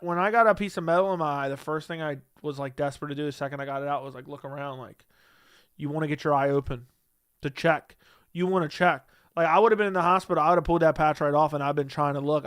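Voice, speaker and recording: A man's voice: on the high side, fairly bright tone, smooth, no room sound, clean studio sound. A man hosting a casual livestream, reading chat messages aloud and answering them in a blunt, dismissive way.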